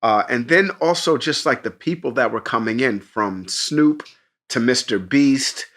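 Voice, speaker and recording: A man co-hosting a podcast, telling an animated, profane story in casual chat and jumping into excited voices for the people in it. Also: mid-range voice, measured pace. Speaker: podcast co-host.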